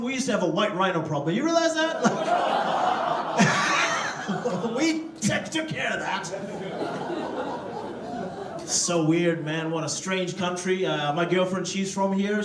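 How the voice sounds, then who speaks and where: A stand-up comedian from Africa, loose and profane, chatting with the crowd in a comedy club. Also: male voice, sits high, noisy background. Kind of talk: stand-up routine. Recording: roomy hall, distant mic, crowd laughter. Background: audience laughter.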